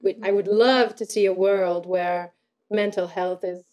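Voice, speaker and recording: A woman's voice: mid-range voice, fairly even intonation, unhurried, darkish tone. A woman in casual conversation, speaking in a thoughtful, earnest way. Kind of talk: casual chat.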